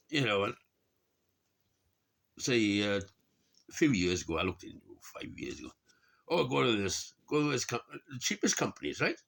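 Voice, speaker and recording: A man's voice: on the low side, a bit bright. A middle-aged man from Wales, rambling and grumbling to camera, swearing a lot and laughing at his own remarks. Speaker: vlogger. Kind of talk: rambling casual monologue.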